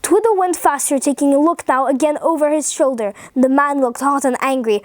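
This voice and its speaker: A woman reading a funny children's story aloud, cheerful and expressive. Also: sits high, brisk, no room sound, studio quality. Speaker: storybook reader.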